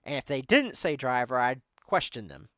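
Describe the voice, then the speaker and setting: A man's voice: medium pitch, sing-song, moderate pace, a bit bright, no room sound, studio quality. A man in his thirties hosting a podcast in casual chat, rambling with lots of filler words. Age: 30s. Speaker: podcast host.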